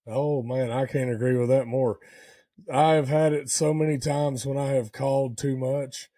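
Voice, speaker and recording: Man, co-host, mellow, casual, distant dry mic. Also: medium pitch, steady tone, a little slow, dry recording. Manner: agreeable, short interjections. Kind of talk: casual chat.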